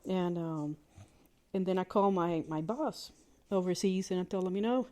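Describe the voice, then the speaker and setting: A woman hosting a podcast, telling a personal story in a candid, plainspoken way, with halting restarts and fillers. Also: lowish voice, fairly even intonation, warm tone. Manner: candid and plainspoken, with mild swearing. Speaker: podcast host.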